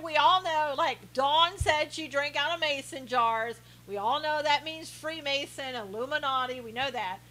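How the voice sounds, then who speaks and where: A woman with a high, bright voice chats through a live stream, playfully sarcastic and quick to laugh. She answers her viewers' comments one by one in a teasing, mock-serious way. A faint hum sits under her voice. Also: poor audio.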